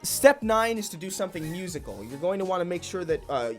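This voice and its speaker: Man, slightly high voice, deadpan mock-tutorial host who rambles and restarts, faint music under him. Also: brisk. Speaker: comedy YouTuber parody host. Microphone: desk mic in home setup.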